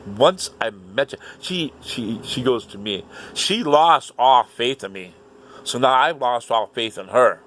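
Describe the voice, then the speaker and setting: A man telling a story in an animated, indignant rant, swearing often. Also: medium pitch, a little slow, slight background noise. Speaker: vlogger. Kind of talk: casual ranting monologue.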